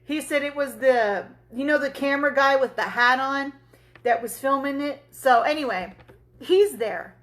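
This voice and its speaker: Hosting a laid-back tumbler crafting livestream, a woman speaks at a moderate pace in a high, slightly bright voice. She chats through a story while working, responding to viewers and laughing and swearing without restraint.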